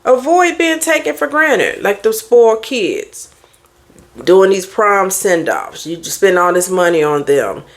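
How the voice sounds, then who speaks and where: A middle-aged woman therapist and life coach, giving blunt, preachy motivational advice in a casual talk. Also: fairly low pitch. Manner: blunt, animated, preachy advice with mimicked quotes.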